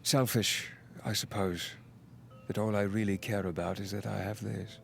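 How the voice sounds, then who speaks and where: A woman voicing a weary, reserved general with a put-on clumsy British accent, soft-spoken and hesitant. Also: a bass voice, steady tone, moderate pace, creaky, faint music behind, pitched below the performer's own voice. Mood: tender.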